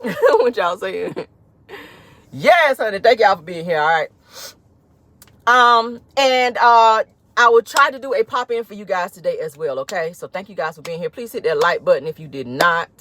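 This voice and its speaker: Sassy animated woman gossiping from her car. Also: on the low side, normal speed, no room sound. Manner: sassy, animated, calls viewers honey and child. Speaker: celebrity gossip vlogger. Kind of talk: live-stream gossip commentary from a car. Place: inside a car.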